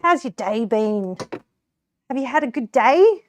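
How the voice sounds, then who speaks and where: A woman's voice: on the high side, expressive, measured pace. A woman with an Australian accent voicing a friendly, easygoing rural Australian local in an exaggerated, chirpy drawl. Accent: broad rural Australian.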